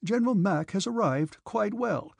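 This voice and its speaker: A man's voice: high-pitched, animated, moderate pace, creaky, husky, no room sound, studio quality, pitched above the performer's own voice, heavily acted. A man voicing a foolish young male officer, breathless and gleeful, in an audiobook reading.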